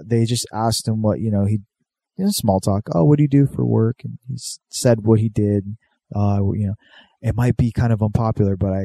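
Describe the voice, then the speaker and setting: A man's voice: fairly low pitch, creaky, warm tone, no room sound. A man telling a rambling story in casual chat, loose and profane, with many fillers. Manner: rambling, profane, laid-back, lots of fillers.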